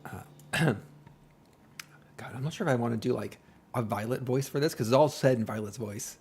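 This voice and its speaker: A man's voice: medium pitch, a little fast, gravelly, long pauses, darkish tone, slight background noise. A man chatting casually on a live stream, rambling and self-deprecating with joking asides, and faint music playing behind him. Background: faint background music.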